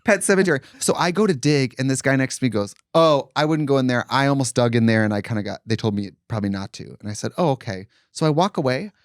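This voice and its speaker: A man's voice: medium pitch, no echo, studio quality. A man co-hosting a podcast, telling a long story in casual chat and briefly putting on voices for the people in it. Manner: animated storyteller, quick voices for quoted people, camp asides. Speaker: podcast co-host.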